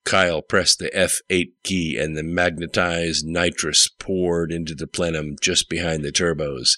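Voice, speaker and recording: Deep-voiced male audiobook narrator. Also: little pitch movement, unhurried, bright, forceful tone, no room sound. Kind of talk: scripted narration.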